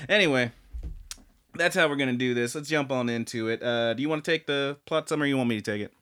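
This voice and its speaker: A man's voice: medium pitch, fast talker, sharp tone, clean tone. Jokey, rambling male podcast host. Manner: jokey, rambling with many fillers. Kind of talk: casual podcast chat. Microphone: podcast mic.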